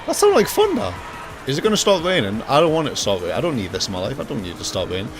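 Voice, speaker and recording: A young man streaming a racing game live, joking and talking to himself with excitable reactions. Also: medium pitch, very fast, noisy background. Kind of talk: live gaming commentary. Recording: loud game music behind voice. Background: racing game music and engine sounds.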